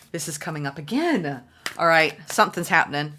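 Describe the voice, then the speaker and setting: A woman giving a solo tarot reading, excitable and gushing, repeating phrases for emphasis. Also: deep voice, a little fast. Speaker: tarot reader.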